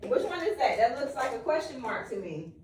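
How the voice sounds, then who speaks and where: A high, lively woman teacher coaxes young children through a lesson with playful encouragement. Her voice swoops up and down as she praises and questions. The sound is roomy and picked up from across the classroom. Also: brisk, far from the mic, a little hiss or hum.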